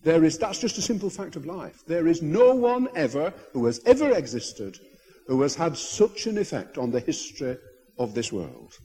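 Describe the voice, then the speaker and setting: A bishop tells stories from the pulpit, his husky voice swinging up and down as he goes. He restarts his sentences, then presses on. The sound rings with the long reverb of a big church hall. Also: fairly high pitch, moderate pace. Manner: anecdotal, animated, with hesitant restarts. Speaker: bishop preaching. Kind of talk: sermon storytelling.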